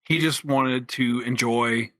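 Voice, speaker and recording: A man from central Pennsylvania co-hosts a casual podcast, chatting about games in a laid-back way and giving short replies. His voice is medium-pitched, steady, and a bit bright, with a slow pace and no echo.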